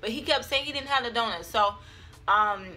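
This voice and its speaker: A young woman tells a story to her camera, chatty and dramatic, with plenty of fillers along the way. Her voice sits a little high and sounds bright and forceful. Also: moderate pace, soft background music. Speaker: vlogger. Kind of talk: storytime vlog.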